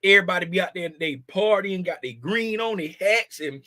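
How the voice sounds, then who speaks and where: A man's voice: sits high, lively intonation, brisk, sharp tone, no room sound. A man in his fifties hosting a casual trading livestream, joking and slangy and laughing often. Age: 50s.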